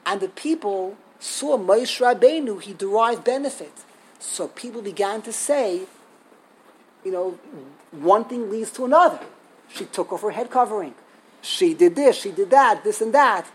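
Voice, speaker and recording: A woman giving a storytelling Torah lesson, animated, acting out quotes and laughing as she tells it. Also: medium pitch, a little slow, husky, low-quality recording. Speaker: Torah teacher.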